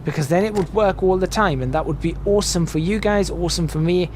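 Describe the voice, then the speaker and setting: A man's voice: high voice, fast, background noise. A young man chatting casually as he plays and narrates a driving game, rambling and correcting himself often, with game sounds behind him. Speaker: gaming channel host. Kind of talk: casual gameplay commentary.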